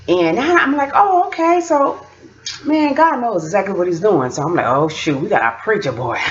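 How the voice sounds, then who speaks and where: A woman with a low voice chats casually about her family, swinging widely in pitch as she tells stories. She laughs often as she talks. The sound is muffled and lo-fi. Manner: animated, laughing storytelling. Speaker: mother and vlogger. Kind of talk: casual storytelling chat.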